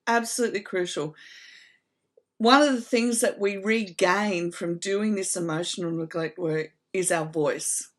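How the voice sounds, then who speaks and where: A middle-aged woman giving an earnest, heartfelt reflective talk to camera, slow and emphatic. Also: medium pitch, fairly bright tone. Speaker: trauma recovery channel host.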